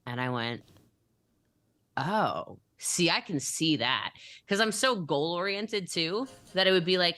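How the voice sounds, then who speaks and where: Bright-voiced woman, upbeat storyteller. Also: lowish voice, takes it slowly. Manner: animated, giggly, upbeat. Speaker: podcast guest. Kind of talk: personal storytelling in a podcast interview.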